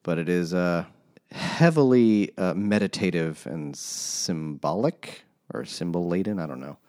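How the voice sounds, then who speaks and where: A man's voice: low-pitched, animated, unhurried, mellow. A man in a book club discussion, talking hesitantly and rambling with trailing thoughts. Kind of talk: casual chat.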